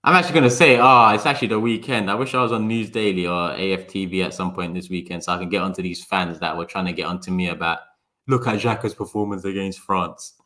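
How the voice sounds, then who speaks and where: A man's voice: sits low, fairly even intonation, bright, forceful tone. A man, hosting a casual live-stream chat, talking to viewers by name and slipping into sarcasm and swearing. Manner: sarcastic, talks fast in bursts. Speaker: livestream host.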